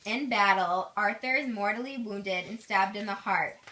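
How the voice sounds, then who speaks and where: A woman's voice: medium pitch, normal speed, sharp tone, a little hiss or hum, rough recording. A young woman narrating a student history video project in a plain reading voice. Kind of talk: amateur school video narration.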